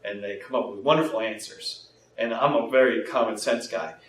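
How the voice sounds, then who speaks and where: Animated man in an echoey room. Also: lowish voice, moderate pace. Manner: animated, acts out quoted dialogue. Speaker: interview guest, health practitioner. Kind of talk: explanatory interview talk. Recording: echoey room, mic at a distance, faint noise.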